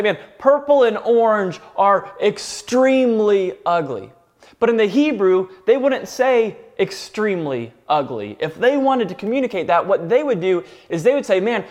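High-voiced pastor preaching. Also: male voice, dull audio. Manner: earnest, explains with everyday examples and teasing asides. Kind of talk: sermon.

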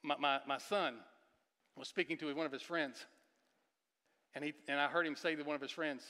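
A man delivers a sermon with a bright, forceful, fairly high voice, swinging between near-shouted emphasis and quiet, confessional passages. He repeats words and puts questions to the congregation. His voice rings out with the long reverb of a church sanctuary. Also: steady tone, normal speed. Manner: emphatic, rising to near-shouts then dropping to hushed, confessional tones; repeats words and restarts, asks the audience questions. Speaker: guest preacher.

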